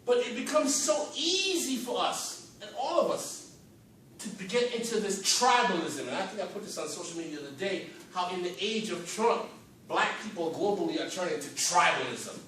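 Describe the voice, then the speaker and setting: Picked up from far away in an echoey library conference hall, a man makes an impassioned panel speech, his emphasis swelling and falling as he poses fervent, preacher-like rhetorical questions. His voice is high, fairly bright, and lively in intonation, at normal speed, with slight background noise.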